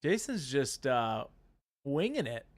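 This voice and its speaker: A man's voice: mid-range voice, big pitch swings, slow pace. A man co-hosting a casual livestream, joking around and reading viewer comments aloud. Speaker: co-host reading chat.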